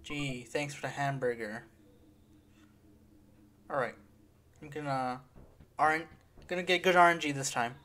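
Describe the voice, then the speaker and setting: A woman's voice: low-pitched, a little slow, long pauses, fairly bright tone, slight background noise. A woman hosting a let's play, commenting on her game in a profane, exasperated and sarcastic way. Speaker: gaming video host. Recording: faint game music behind.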